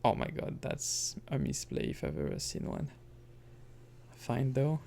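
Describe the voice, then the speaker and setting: Man, gaming commentary, unhurried pace, gravelly fry, mellow dark tone, rambling asides. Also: mid-range voice, huge pitch swings, slight background noise. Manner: rambling, self-correcting, chuckling asides. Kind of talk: casual let's-play commentary.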